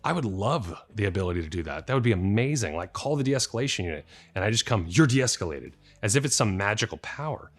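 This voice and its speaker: A man's voice: on the low side, animated, fast, few pauses, a bit bright. A man who works as a police officer, explaining his work to the camera in a plain-spoken, conversational way with a light joking touch.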